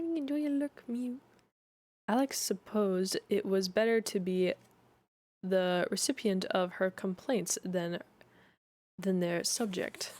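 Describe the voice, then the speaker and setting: Brief: woman reading a mystery aloud on stream, unhurried, stumbling and restarting, close dry mic. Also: mid-range voice, darkish tone, no echo. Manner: slow reading with frequent slips and restarts.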